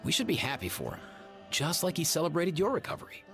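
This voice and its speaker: Easygoing young doctor, lively pitch, slightly high, game music. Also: male voice, fast talker, full character voice. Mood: comforting. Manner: casual, comforting, lively. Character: friendly young male physician, easygoing.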